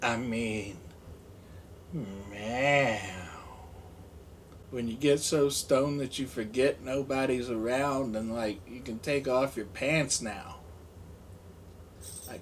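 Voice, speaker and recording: A man's voice: mid-range voice, slight background noise. A man in his forties, rambling goofily through an unboxing vlog, mumbling and joking to himself. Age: 40s. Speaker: unboxing vlogger.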